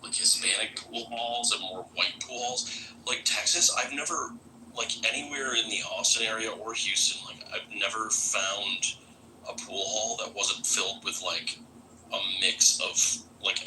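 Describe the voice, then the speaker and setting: A man's voice: fairly low pitch, normal speed, pushed and bright, slight background noise, poor audio. A man from Florida in casual live-stream chat, loose and profane with many filler words.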